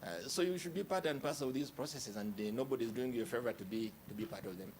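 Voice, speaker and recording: A man speaking as a panelist, hurried and hesitant as he wraps up his point. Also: mid-range voice, a little mellow, slight background noise. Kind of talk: panel remarks.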